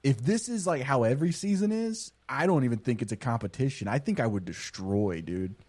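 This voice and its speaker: A man's voice: mid-range voice, expressive, fairly quick, darkish tone, dry recording. A man co-hosting a podcast in a casual, laid-back way. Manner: laid-back, says "dude" a lot. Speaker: podcast co-host. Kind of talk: casual chat.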